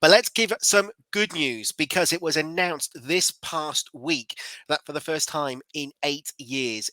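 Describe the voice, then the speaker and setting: A man's voice: fairly high pitch, pushed and bright, no echo, poor audio. A man in his forties hosting a podcast, reading news and chatting in an upbeat, self-deprecating way. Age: 40s. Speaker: podcast host. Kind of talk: casual chat and news reading.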